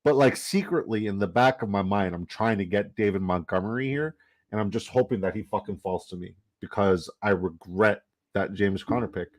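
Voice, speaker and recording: A man's voice: fairly low pitch, a little mellow. A man chatting casually and profanely on a live stream while drafting fantasy football, joking and laughing as he trash-talks the other players.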